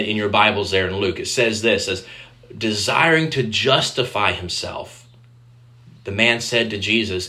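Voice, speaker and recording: A man's voice: medium pitch, bright, forceful tone. A man preaching a conversational sermon, speaking directly to the children in the congregation and acting out quoted voices. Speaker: pastor.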